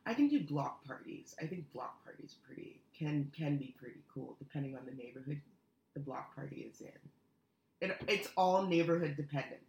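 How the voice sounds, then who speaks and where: A woman's voice: low-pitched, animated, normal speed, darkish tone, reverberant, lo-fi sound. A woman co-hosting a casual podcast chat, teasing and inquisitive. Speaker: podcast co-host.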